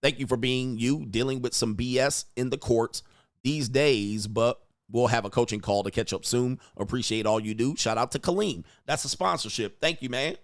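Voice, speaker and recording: Hosting a casual livestream, a man reads viewer donations and messages aloud between blunt, crude rants. His voice is medium-pitched at a moderate pace.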